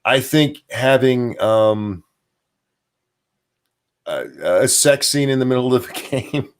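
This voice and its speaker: A man's voice: mid-range voice, lively intonation, slow pace, clean tone. A man hosting a casual livestream show, rambling through viewer chat with plenty of fillers and chuckles. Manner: answers viewer chat and donations aloud.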